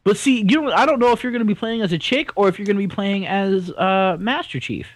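A man co-hosting a casual podcast, talking in an animated, rambling and opinionated way. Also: high-pitched, fast talker, dry recording, low-quality recording. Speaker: podcast co-host. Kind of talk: casual chat.

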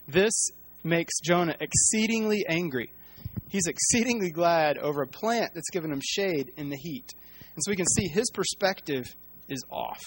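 A man leading a casual Bible teaching. He talks in a halting way, with many fillers and restarts. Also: high-pitched, animated.

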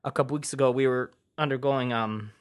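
A man's voice: medium pitch, fairly even intonation, a little fast, smooth. A man from Chicago with a Chicago accent, co-hosting a podcast in casual chat, rambling with lots of fillers and swearing. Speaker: podcast co-host.

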